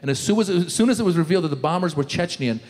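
High-voiced comedian in a reverberant hall. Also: male voice, very fast. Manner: animated, switches into loud shouted character voices. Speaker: stand-up comedian. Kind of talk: stand-up comedy set. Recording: reverberant hall, faint room noise.

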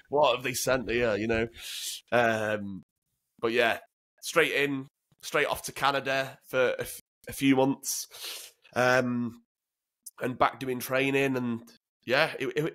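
Here a Northern English man, once a commando, is the guest in a relaxed interview, telling blunt stories full of swearing. His voice sits at a medium pitch with a touch of brightness, and he often stutters over repeated words when starting a sentence.

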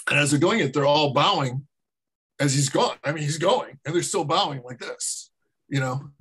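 Husky-voiced man telling a rambling story. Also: on the high side, moderate pace, a bit bright, rough recording. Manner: rambling, many fillers and restarts. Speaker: martial arts instructor and guest. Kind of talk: casual anecdote storytelling.

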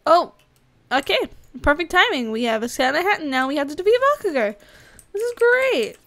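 A young woman casually commenting on her gameplay, excitable and chatty, often squealing with surprise. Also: high-pitched, quick pace. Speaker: gaming YouTuber. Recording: faint game music behind.

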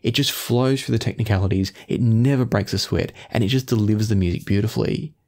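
A man reviewing earphones in measured talk, often qualifying his claims. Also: lowish voice, a little mellow. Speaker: audio gear reviewer.

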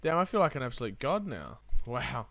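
A man live-streaming a game, chatty and excitable, talking to his viewers while he plays. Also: medium pitch, brisk, gravelly.

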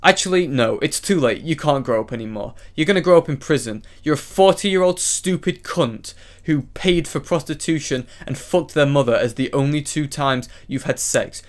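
A man's voice: on the high side, moderate pace, few pauses. A man delivering an angry, profane vlog rant straight to one person, stacking repeated insults with brief apologetic asides. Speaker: vlogger. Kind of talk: angry ranting monologue addressed to one person.

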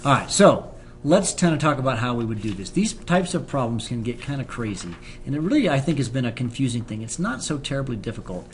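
A male chemistry teacher talks through a lesson in an easygoing, joking way. His pitch sits in the middle of the male range, with small restarts and "um"s along the way. A faint low rumble hums under the recording. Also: very animated, fairly quick. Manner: casual and joking, explains with fillers and restarts. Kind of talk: classroom lecture video with banter.

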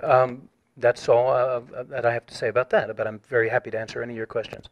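A man reads his complaint aloud in a formal, measured way and grows insistent when challenged. The audio is dull and lo-fi. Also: medium pitch, little pitch movement. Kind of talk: reading a complaint over the phone.

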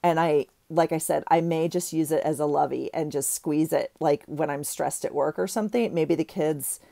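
The middle-aged woman's voice is low, creaky and mellow, moving at a moderate pace in a dry, clean studio recording. She rambles and gushes about craft finds in a casual haul chat, often breaking off mid-sentence.

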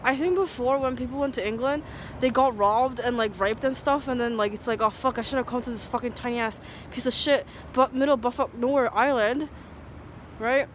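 A woman's voice: on the high side, normal speed, a little hiss or hum. A woman in a casual, rambling monologue, heated and profane.

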